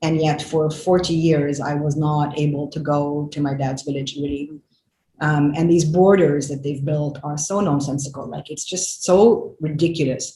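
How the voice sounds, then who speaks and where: A woman in her forties, a filmmaker guest, talks in an animated, emphatic way, with many fillers and restarts. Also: low voice, moderate pace. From Lebanon. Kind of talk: conversational interview. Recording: echoey room with faint noise.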